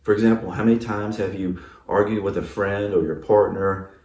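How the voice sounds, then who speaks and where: A man's voice: fairly low pitch, steady tone, moderate pace, darkish tone, reverberant, recorded from a distance. A male pastor giving a casual, conversational sermon, full of fillers and often checking in with the congregation. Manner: casual, filler-heavy, asks the congregation "right?". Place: church sanctuary.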